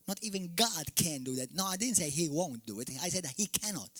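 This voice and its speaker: Forceful, bright-voiced pastor preaching. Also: male voice, fairly high pitch, expressive, brisk, soft background music. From Malta. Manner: forceful, shouting peaks and sudden drops. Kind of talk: fiery sermon. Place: church hall.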